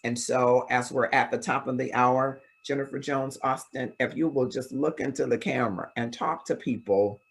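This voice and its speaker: A man hosting an interview, asking measured questions and reading passages from the guest's book. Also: mid-range voice, fairly even intonation, gravelly, husky, low-quality recording. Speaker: interview host.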